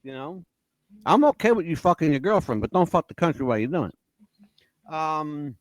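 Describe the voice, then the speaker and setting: An animated male podcast host whose pitch swings up and down as he makes his points. He talks emphatically and swears freely, slightly higher-pitched than most men. The sound is dry and close. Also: moderate pace, no room sound. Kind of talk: casual opinionated chat.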